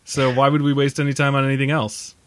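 A man's voice: mid-range voice, level tone, fast talker, no room sound. A tired man co-hosting a casual movie podcast, rambling and joking, laughing often. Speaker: podcast co-host.

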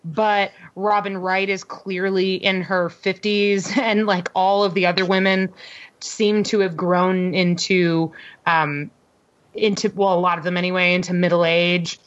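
A woman co-hosting a casual movie podcast, animated and amused, stretching words for emphasis. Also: mid-range voice. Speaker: podcast co-host. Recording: slightly dull lo-fi audio.

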